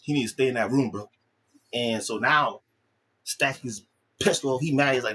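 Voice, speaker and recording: A man's voice: mid-range voice, moderate pace, pauses often, bright, forceful tone. A man casually retelling a film's plot, loose and slang-heavy, swearing freely and often repeating himself and restarting his sentences. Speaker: vlogger. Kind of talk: casual storytelling, recapping a film.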